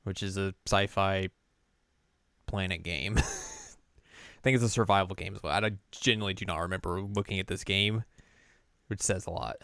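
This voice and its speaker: A man's voice: deep voice, steady tone, moderate pace, gravelly, pauses often, a bit bright, smooth, no echo. Laid-back man chatting on a podcast. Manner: chatty, laid-back, with dry asides and chuckles. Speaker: podcast co-host. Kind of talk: casual chat.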